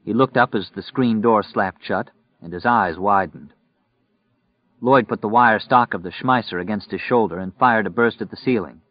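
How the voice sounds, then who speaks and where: Low-voiced man narrating steadily. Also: moderate pace, no echo. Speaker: audiobook narrator. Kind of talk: scripted narration. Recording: dry, muffled recording.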